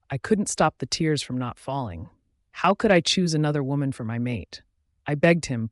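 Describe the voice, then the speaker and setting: A man reading a first-person fantasy romance as an audiobook, in a steady, expressive voice. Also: on the high side, moderate pace, dry recording, clean studio sound. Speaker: audiobook narrator.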